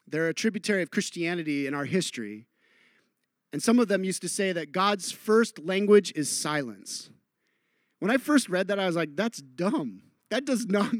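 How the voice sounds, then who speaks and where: High-voiced, earnest preaching man. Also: no room sound, clean studio sound. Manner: earnest, drops to a hushed voice on key lines; acts out quoted voices with humor. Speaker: pastor. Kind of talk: sermon.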